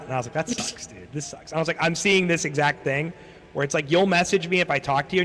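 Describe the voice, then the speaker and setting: His voice is high-ish and a bit bright, and he moves at a quick pace. Streaming, he rambles through a lengthy casual story full of swearing, acting out whoever he's quoting, all with a long hall reverb.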